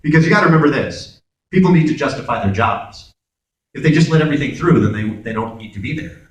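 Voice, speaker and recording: A man from Brooklyn, speaking as a guest at a convention Q&A. He tells stories with a lively, swooping pitch and slips into voices for the people he quotes. He is picked up from far off by a camera in the audience, and the big hall rings around him. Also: quick pace. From Brooklyn, New York. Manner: animated, acts out dialogue in voices. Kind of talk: convention Q&A storytelling.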